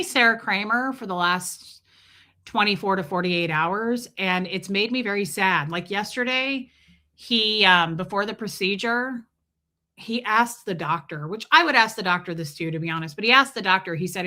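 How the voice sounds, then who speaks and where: A woman's voice: mid-range voice, normal speed, pushed and bright. A woman hosting a casual livestream, telling a rambling personal story and breaking off to greet chat viewers by name. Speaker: livestream host.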